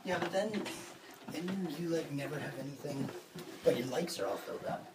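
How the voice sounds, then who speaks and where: A man's voice: fairly high pitch, normal speed, echoey room, very noisy. Sick young man rambling on a podcast. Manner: rambling, dry self-mocking jokes. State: sick with a cold. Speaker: podcast co-host. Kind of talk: casual chat. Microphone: phone laid on a table.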